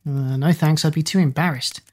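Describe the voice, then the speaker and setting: A woman's voice: low voice, fairly even intonation, a little fast, a little mellow. A woman voicing a troubled, moody schoolgirl, sulky and nervous.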